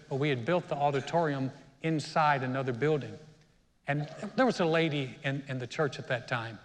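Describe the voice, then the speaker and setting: A man's voice: mid-range voice, long reverb tail, a little hiss or hum. A middle-aged man, the senior pastor, preaching a sermon in a conversational, storytelling way with self-deprecating humor. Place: church auditorium.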